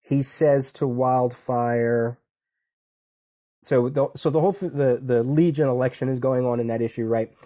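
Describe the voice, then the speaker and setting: Recapping comic issues as a podcast co-host, this man chats casually and performs lines of dialogue in character. He speaks in a mid-range voice at a moderate pace, animated throughout and frequently starting over.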